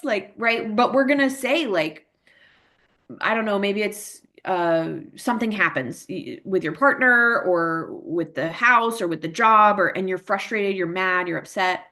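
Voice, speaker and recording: A woman with a fairly low, sharp-toned voice presents a parent workshop in a casual, chatty style. She leans heavily on fillers and tag questions and acts out emotions in her examples.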